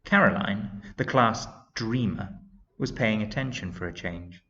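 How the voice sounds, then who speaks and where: Man reading a storybook to children. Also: deep voice. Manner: slow, expressive storytelling. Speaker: teacher reading to pupils. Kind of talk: children's story read-aloud. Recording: dull lo-fi sound.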